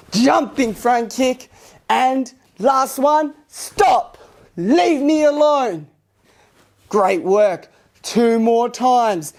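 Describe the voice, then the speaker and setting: A woman from Australia teaching a kids karate class, upbeat and encouraging, with loud karate shouts between instructions. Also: mid-range voice. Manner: upbeat, encouraging, talking to young children. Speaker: martial arts instructor.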